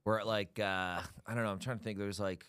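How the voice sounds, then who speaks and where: A man's voice: on the low side, steady tone, brisk, fairly bright tone, clean tone. A man chatting casually on a podcast in a laid-back way, with loose phrasing and many filler words. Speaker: podcast guest. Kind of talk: casual chat.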